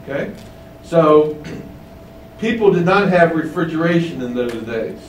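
Male preacher, slightly high voice, deliberate emphatic teaching, roomy echo, a step off the mic. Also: animated, recorded from a distance, a little hiss or hum. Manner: slow, emphatic teaching with rising stresses. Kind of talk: sermon.

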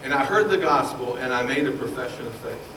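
Impassioned preacher in an echoey hall. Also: male voice, mid-range voice, animated, fairly quick, a little hiss or hum. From Baltimore, Maryland. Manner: impassioned, swings from loud to hushed. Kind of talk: sermon. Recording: roomy echo, voice from far off.

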